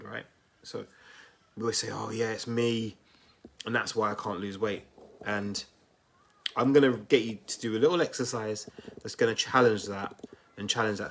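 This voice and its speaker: A man with a fairly low voice runs a live coaching session and talks right to his audience. His delivery is chatty and energetic, studded with quick check-ins like "right?" and "okay?". He sounds like a coach who keeps his viewers talking back. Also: slight background noise. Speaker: weight loss coach. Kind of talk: live-stream coaching talk.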